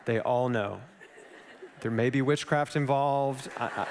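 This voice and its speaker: A man speaking on stage at a live event, telling a personal story with animated, self-deprecating asides to the audience. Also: mid-range voice, normal speed, noisy background. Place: large event hall on stage. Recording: long hall reverb.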